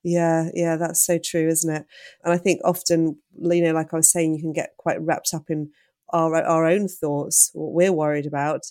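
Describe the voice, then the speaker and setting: A woman's voice: low-pitched, level tone, moderate pace, dark tone, dry recording. A woman hosting a podcast, asking questions and chatting with her guest about her own children. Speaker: podcast host. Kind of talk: podcast interview.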